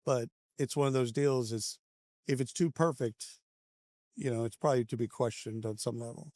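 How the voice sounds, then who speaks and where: A man hosting a casual podcast interview at a conference, mid-pitched and upbeat. He encourages his guest and asks quick follow-up questions. The sound is dry and close, with almost no room echo. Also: a little mellow. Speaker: podcast host. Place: conference venue.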